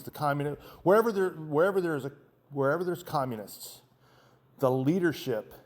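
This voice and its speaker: A man's voice: on the high side, a little mellow. A man in his fifties hosting a show, talking in an impassioned, emphatic monologue that often restarts its sentences. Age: 50s. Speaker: show host. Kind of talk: monologue commentary.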